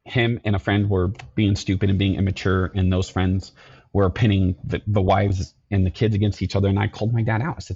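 A middle-aged man, a podcast guest, telling his life story in an earnest, halting way, often repeating himself. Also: sits low, flat delivery, darkish tone, husky, dull audio. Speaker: podcast guest, security company owner.

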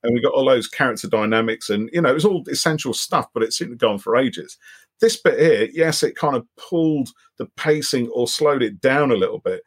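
A man with a slightly husky, breathy voice talks through a film on a podcast. He muses reflectively and rambles, often restarting his sentences in a relaxed, casual way. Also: mid-range voice, a little fast. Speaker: podcast co-host. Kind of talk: casual film-discussion chat.

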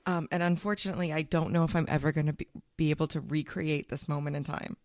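A woman's voice: sits low, steady tone, fast, gravelly, darkish tone, dry recording, studio quality. A woman hosting a podcast in casual chat, playful and jokey as she tells stories. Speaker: podcast host.

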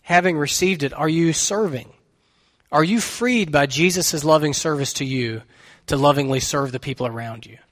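A man's voice: fairly high pitch, moderate pace, a bit bright, big-room sound. A man preaching a sermon as pastor, telling a story in an earnest, conversational way.

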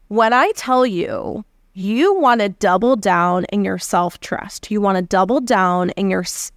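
A woman talks through a solo podcast episode in an earnest, conversational coaching manner. Her voice sits at an ordinary middle pitch. The sound is dry and close, with no room around it. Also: creaky, no echo. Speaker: podcast host.

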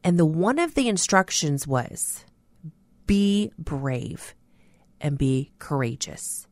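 A woman's voice: low-pitched, slow pace, no room sound. A woman giving an earnest, emphatic radio devotional as host. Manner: earnest preaching, animated and emphatic with laughs. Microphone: studio mic.

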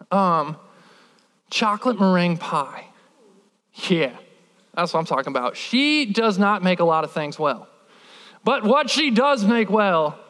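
A man preaching a sermon, telling a childhood story in an animated, humorous way with lots of filler words. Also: high voice, in a large hall. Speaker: pastor.

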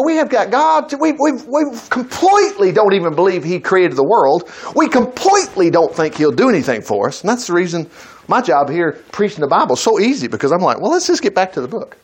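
Guy preaching, folksy storyteller, voice jumps all over. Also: high-pitched. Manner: folksy, animated, acts out characters. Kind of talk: lively storytelling sermon.

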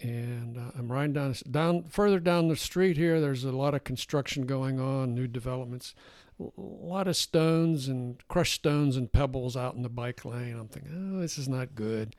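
An older man co-hosting a podcast, telling a casual story with animated asides and frequent laughter. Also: mid-range voice, normal speed, hardly any pauses, dry recording, clean studio sound. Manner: animated anecdote-teller, laughs often. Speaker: podcast co-host.

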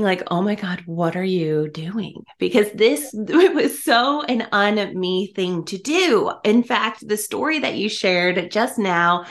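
Effusive woman guest on a podcast, chatty and warm in tone, laughs through her lines, mid-range voice. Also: mid-range voice. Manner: effusive, laughs often while talking. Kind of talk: casual podcast interview.

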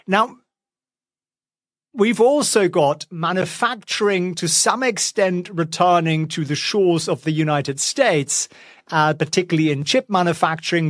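A man's voice: a little high, a bit bright, no room sound, clean studio sound. A man giving casual stock market commentary at home, chatty and wry with sarcastic asides. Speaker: finance vlogger. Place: home, with a pet nearby.

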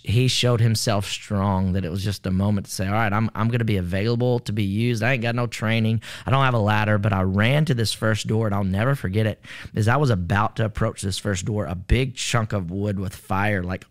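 A man giving an earnest personal testimony, rambling with many fillers. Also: on the low side. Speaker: storyteller recounting a rescue.

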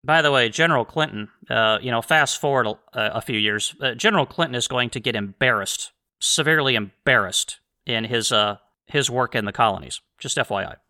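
Male podcast host, bright, sarcastic and rambling, mock-apologetic asides. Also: medium pitch, fairly quick, hardly any pauses. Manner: mocking, sarcastic, rambling with restarts. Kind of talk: sarcastic history podcast monologue.

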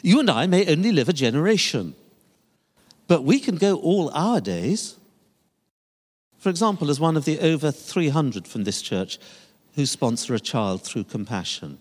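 An older pastor preaches with a lively voice that climbs and dips across each phrase. His tone sits a little high for a man. The sound rings out in the long reverb of a large church hall. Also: a little slow, long pauses. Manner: emphatic preaching with a lively, rising and falling delivery. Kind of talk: sermon. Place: church sanctuary.

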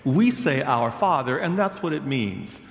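A man preaching a sermon as a pastor, telling stories slowly and deliberately. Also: medium pitch, animated, roomy sound, in a large hall. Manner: storytelling, slow and deliberate.

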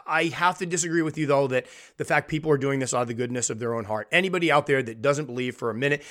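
A man's voice: medium pitch, very fast, few pauses, a bit bright. A man hosting a podcast, speaking in an impassioned monologue and firing off earnest rhetorical questions. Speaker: podcast host.

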